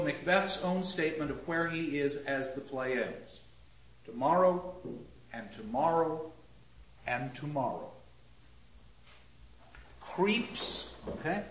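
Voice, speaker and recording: A man's voice: a little high, a bit bright. A man teaching literature to a class, reciting lines of verse and tapping out their rhythm as he asks questions. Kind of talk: classroom lecture. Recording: roomy, dull lecture recording.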